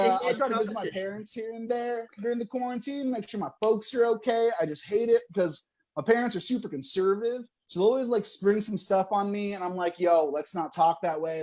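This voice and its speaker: A man's voice: high-pitched, a little mellow. A young man doing a stand-up comedy set, talking to the crowd and laughing between jokes.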